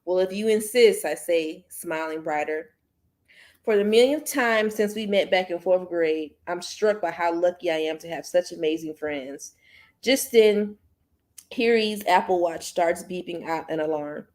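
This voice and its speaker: Woman host, low voice, reads fiction aloud, casual asides to viewers. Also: a little slow, darkish tone. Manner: chatty, slips and restarts, speaks to viewers as y'all. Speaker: book club host.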